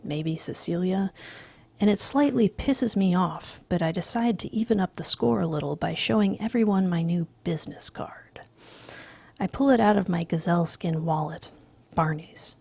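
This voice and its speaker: A woman reading a novel aloud in a dry, deadpan, often hushed manner. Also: fairly low pitch, gravelly, breathy edge, no echo. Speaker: reader. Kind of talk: audiobook reading.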